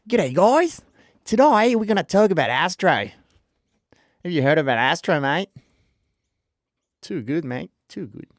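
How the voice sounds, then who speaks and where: A man putting on an exaggerated Australian accent, playing a cheery Aussie bloke in a loud, hammy voice. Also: very animated, a little slow, pauses often, dry recording, clean studio sound. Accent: put-on Australian. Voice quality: loud, hammy, high-pitched.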